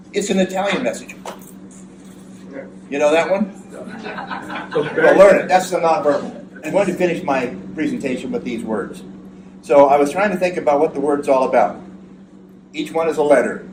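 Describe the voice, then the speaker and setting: A man's voice: on the high side, moderate pace. An older man, a psychotherapist, giving an earnest, emphatic speech to an audience and often repeating words. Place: hall at a veterans' event. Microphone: far from the mic. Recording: echoey room from far off with audience noise.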